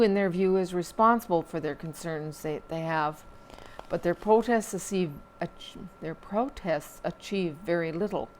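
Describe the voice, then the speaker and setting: A woman reading newspaper columns aloud, in a steady read-aloud manner with occasional slips and restarts. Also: fairly low pitch, a little hiss or hum. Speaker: newspaper reader.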